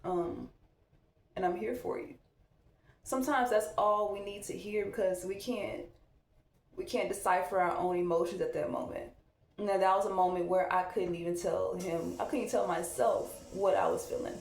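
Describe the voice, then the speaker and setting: A woman's voice: mid-range voice, normal speed, vocal fry, darkish tone, slight background noise. A woman, a mom talking candidly and reflectively while she gets ready at home. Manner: candid, reflective, loose conversational delivery. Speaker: vlogger, mom. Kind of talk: casual get-ready-with-me chat. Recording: echoey room.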